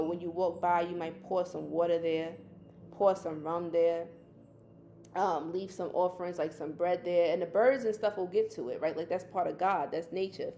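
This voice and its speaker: A woman's voice: lowish voice, dark tone. A woman teaching casually on a livestream, chatty and colloquial, who calls listeners baby. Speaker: spiritual teacher hosting a livestream.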